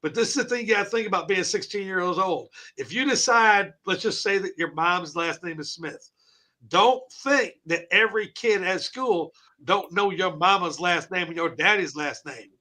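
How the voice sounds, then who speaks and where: A brash male talk-show host with a high, bright, ringing voice. He laughs and swears his way through casual chat. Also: moderate pace.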